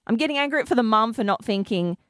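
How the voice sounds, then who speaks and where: A woman co-hosting a breakfast radio show, telling a story with lively acted-out dialogue. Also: on the high side, fast talker, dry recording, studio quality. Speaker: radio co-host.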